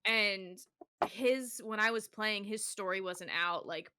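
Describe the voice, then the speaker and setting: A young woman with a bright, forceful voice chats as a podcast co-host, animated and often breaking into laughter. Her talk is loose and casual, with free swearing. The sound is close and dry. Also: mid-range voice, slow, clear, resonant tone, dry recording.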